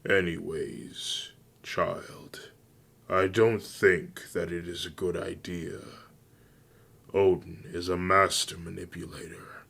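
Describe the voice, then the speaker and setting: A man voicing a huge chained wolf father who is proud and quick to anger, in a grave, slow reading. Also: low voice, little pitch movement, gravelly, a bit bright, husky, exaggerated voice.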